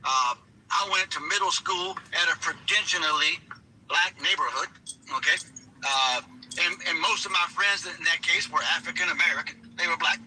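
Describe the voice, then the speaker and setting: A man calling in to a livestream while driving his car, talking haltingly with many restarts. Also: on the high side, bright, forceful tone, a little hiss or hum, rough recording. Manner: hesitant, restarts often. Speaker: caller. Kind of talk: casual phone-in chat.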